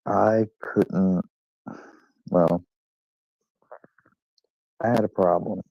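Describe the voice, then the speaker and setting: A man's voice: low-pitched, steady tone, drawn-out words, vocal fry, mellow, dry recording. A young man rambling through a crude, self-mocking personal story in casual vlog style. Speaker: vlogger. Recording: dull lo-fi dry recording.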